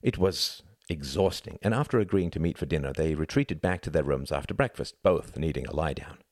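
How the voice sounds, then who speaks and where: A male audiobook narrator with a low voice. He reads in a measured, intimate way. The recording is close and dry, with no room sound. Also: a little mellow, no echo.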